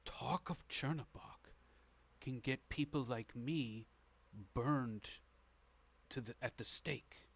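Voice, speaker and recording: A man voicing a stern, guarded female scholar who gives urgent, hushed warnings. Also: medium pitch, takes it slowly, vocal fry, breathy edge, exaggerated voice.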